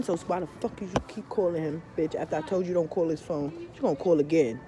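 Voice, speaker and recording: A woman ranting loudly and profanely in a casual vlog, telling an animated story. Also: on the low side, fast, over music. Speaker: tarot vlogger. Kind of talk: casual rant to camera.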